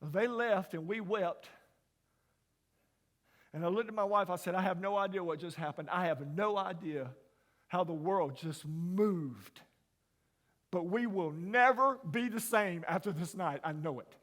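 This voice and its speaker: A middle-aged man telling a personal story as a sermon, folksy and dramatic, dropping to hushed asides and rising to loud emphasis. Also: sits high, measured pace. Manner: folksy, dramatic storyteller, drops to whispers and rises to near shouts. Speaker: chapel speaker. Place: large university chapel. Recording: long hall reverb.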